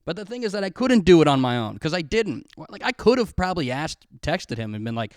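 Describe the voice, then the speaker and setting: A man's voice: a little high, big pitch swings, fairly quick, no echo, studio quality. A man hosting a casual solo podcast, telling rambling, profane, self-mocking stories. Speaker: podcast host.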